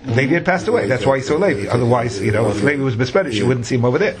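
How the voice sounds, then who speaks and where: A man's voice: mid-range voice, lively intonation, rapid-fire, few pauses, crowd noise. A man teaching a Talmud class, reading the Aramaic phrase by phrase and explaining each in English.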